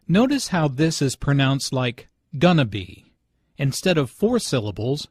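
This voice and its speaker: A man of middling pitch explains pronunciation points slowly and deliberately. His intonation is lively, and he leans on stressed words, recorded dry and close in a studio. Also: no room sound. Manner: slow, deliberate, clearly enunciated. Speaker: lesson narrator and dialogue reader. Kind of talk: scripted language-lesson narration.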